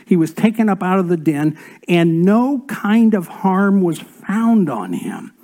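A man delivers a sermon in a warm, mellow voice that sits a little high for a man. He swings from raised, emphatic passages down to soft, almost whispered asides, and he reads scripture aloud with feeling. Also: very animated, measured pace. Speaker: pastor.

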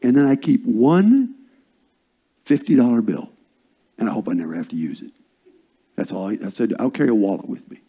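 An older man preaching a sermon as a pastor, swinging from loud, stressed phrases down to hushed whispers. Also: mid-range voice, big pitch swings, moderate pace, long pauses, slightly rough.

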